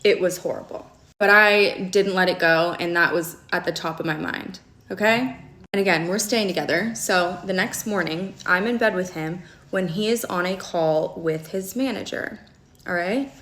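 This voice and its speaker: A woman's voice: on the low side, moderate pace, fairly bright tone. A young woman telling a personal story in casual storytime style, emphatic and often checking in with "okay?". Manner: emphatic, peppers talk with "okay?" and "like". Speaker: storyteller in a video clip.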